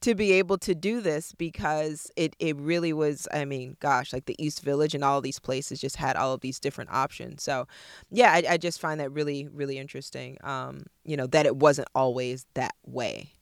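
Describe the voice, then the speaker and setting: Enthusiastic woman host, smooth voice. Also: low-pitched, moderate pace, no room sound, studio quality. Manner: enthusiastic, effusive. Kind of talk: casual interview chat.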